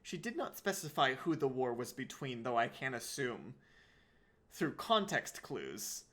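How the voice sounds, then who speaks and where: A man telling a comedic story in an animated, digressive and sardonic way. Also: medium pitch, unhurried. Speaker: podcast comedian.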